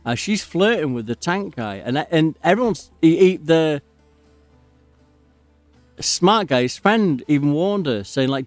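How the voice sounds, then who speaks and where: A man's voice: on the high side, expressive, unhurried, darkish tone, no echo. Man, casual gameplay commentary, rambling, digressive, dry sound, faint background music. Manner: rambling, digressive, easily sidetracked. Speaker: gaming channel host. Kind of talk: casual commentary while playing a game.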